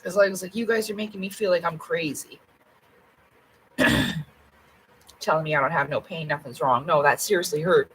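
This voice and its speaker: A woman's voice: on the low side, normal speed, pauses often, rough recording. A woman talks casually to her camera from home. She is blunt and rambling, and swears freely as she goes. There is a faint hum of ambient noise behind her. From Canada. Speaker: vlogger.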